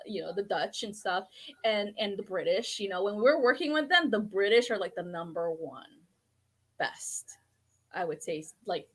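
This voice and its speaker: A woman guest in a casual podcast chat, telling stories animatedly, laughing a lot and swearing freely. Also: mid-range voice.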